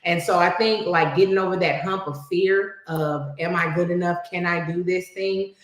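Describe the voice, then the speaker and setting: A woman with a slightly low voice speaks as a podcast guest, conversational and reflective, sprinkling in "you know". Her voice rings out in a very echoey room. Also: fairly even intonation, normal speed. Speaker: podcast guest, cybersecurity professional. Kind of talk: casual chat.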